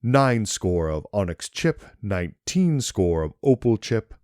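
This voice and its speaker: A man with a deep voice playing a haughty old steward who reads a will in a slow, measured, formal way, in a horror audio story. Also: sing-song, a little mellow, no echo, clean studio sound.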